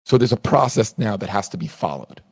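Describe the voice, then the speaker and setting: A man with a fairly low voice gives an earnest press statement. He speaks off the cuff and repeats himself now and then as he asks for patience. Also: lively intonation, brisk, gravelly.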